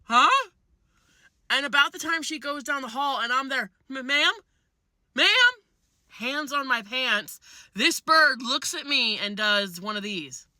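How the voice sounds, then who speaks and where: A woman telling a comic personal story in an animated, blunt way, swearing freely. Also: high voice, normal speed, no room sound, studio quality.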